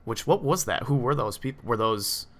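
A man's voice: medium pitch, lively intonation, moderate pace, a bit bright. A man co-hosting a casual movie discussion podcast, rambling with lots of "like" and "um" fillers. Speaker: podcast co-host.

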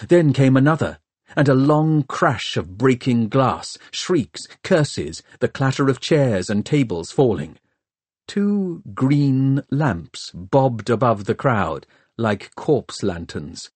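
Man reading an audiobook, slow and husky, dry close mic. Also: medium pitch, sing-song, no echo. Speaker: audiobook narrator. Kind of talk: scripted audiobook narration.

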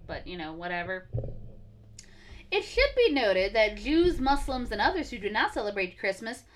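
A woman's voice: on the high side, very animated, moderate pace. A woman co-hosting a casual podcast, reading facts from her notes with blunt, sarcastic asides. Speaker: podcast co-host.

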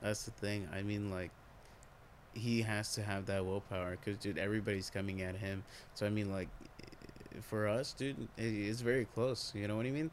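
A man's voice: on the low side, flat delivery, moderate pace, a little hiss or hum. A young man in casual talk, laid-back and reflective, calling his friend "dude" and backing him up. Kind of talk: casual conversation.

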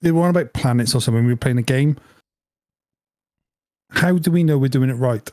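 A man in easy podcast banter, his voice mellow and dark in tone. He spins playful what-if scenarios and slips into little bits of dialogue. The sound is close and dry. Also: mid-range voice, fairly quick, no room sound. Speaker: podcast co-host. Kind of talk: casual chat.

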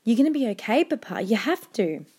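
A woman's voice: on the high side, very animated, brisk, dark tone, slightly rough, voice pushed up. A woman voicing a frightened young boy who pleads with his dying father while she reads a novel aloud to a class. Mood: pleading. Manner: small, pleading and fearful.

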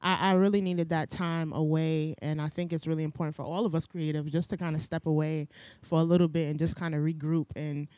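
Woman comedian, casual podcast talk, animated and laughing, dry close sound. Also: low-pitched, fairly quick, dry recording. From Jamaican parents. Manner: animated, laughs often, playful. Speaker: comedian and content creator.

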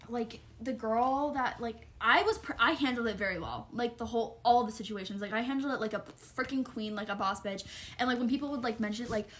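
A woman's voice: fairly high pitch, fairly quick, fairly bright tone. A young woman telling a personal story on a casual podcast, rambling with lots of fillers and frank, profane asides.

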